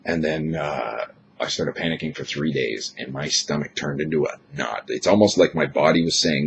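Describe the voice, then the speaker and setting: Extremely deep-voiced young man with a chest cold. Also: moderate pace, creaky, muffled recording. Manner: casual, rambling, frank, swears freely. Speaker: vlogger. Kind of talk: casual vlog monologue.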